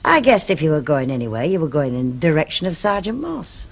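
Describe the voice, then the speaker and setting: A woman's voice: deep voice, big pitch swings, fairly quick, full character voice. An actress playing a wry, worldly neighbour in a soap opera. She talks in a chatty, teasing way.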